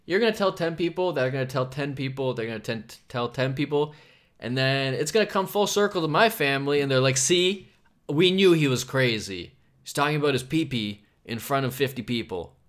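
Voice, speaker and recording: A man's voice: mid-range voice, animated, fairly quick. Rambling, profane male podcast host. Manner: rambling, profane, swings between loud bursts and mumbling. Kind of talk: casual solo podcast rant.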